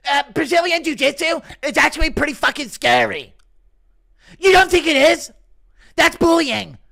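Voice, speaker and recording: A man doing a high, shrill voice of a jittery grappler complaining about bullying. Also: animated, moderate pace, vocal fry, heavily acted. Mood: whiny. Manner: high-pitched, shrill, loud.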